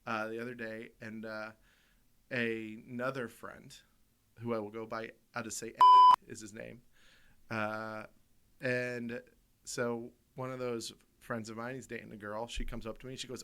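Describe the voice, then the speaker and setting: A man's voice: mid-range voice, fairly even intonation, measured pace, fairly bright tone, clean tone. A man co-hosting a comedy podcast, telling rambling stories in a casual, self-amused way and laughing in the middle of them. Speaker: podcast co-host. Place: podcast studio.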